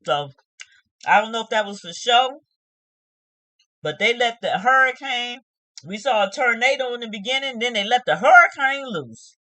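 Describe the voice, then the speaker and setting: Woman, reality show reviewer, casual recap, scolding, bright voice, dry sound. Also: fairly high pitch, animated, moderate pace, long pauses, dry recording. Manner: emphatic, scolding, retells scenes with acted quotes.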